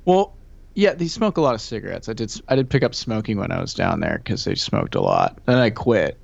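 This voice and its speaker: A man's voice: on the low side, big pitch swings, a little fast, creaky, no echo. A laid-back man who drifts through his sentences, repeating words as he goes and chuckling along. His voice comes through a slightly dull, lo-fi recording. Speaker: podcast co-host. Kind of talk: casual chat.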